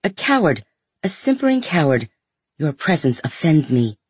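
A man's voice: fairly high pitch, lively intonation, moderate pace, darkish tone, breathy edge, dry recording. A man voicing a proud, imperious thirteen-year-old princess who speaks coldly and with contempt. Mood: cold, contemptuous. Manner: cold, commanding, contemptuous.

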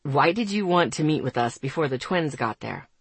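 Lady voicing a gentle young guy, deep baritone, mumbly and soft, dry close sound. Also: expressive, moderate pace, husky, no room sound, heavily acted. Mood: matter-of-fact. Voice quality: rich baritone. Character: gentle young man, rich baritone, protective.

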